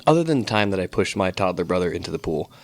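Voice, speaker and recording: A man's voice: low voice, very animated, quick pace. A man from Virginia co-hosting a podcast, chatting casually with playful, teasing questions. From Fairfax, Virginia, USA. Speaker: podcast co-host. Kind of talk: casual chat.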